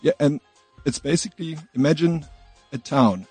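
Husky, mellow man. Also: on the high side, normal speed, dry recording, faint music behind. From South Africa. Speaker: actor guest. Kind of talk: casual studio chat.

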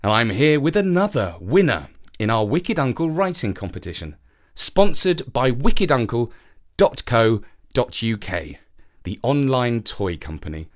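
A man presenting and reading a children's story aloud, animated and acting out the characters. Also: medium pitch, unhurried.

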